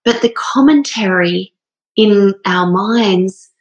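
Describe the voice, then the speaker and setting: Speaking slowly in a mid-range voice, a thirtysomething woman shares something personal, her casual, rambling delivery full of fillers. She's earnest and emotional, on the verge of tears. The audio is poor.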